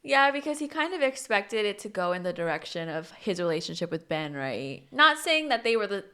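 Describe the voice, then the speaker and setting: A woman's voice: mid-range voice, sing-song, a little fast, bright, forceful tone, clear, resonant tone. A young woman co-hosting a podcast, chatting casually, laughing along and finishing her friend's sentences. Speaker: podcast co-host. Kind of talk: casual chat.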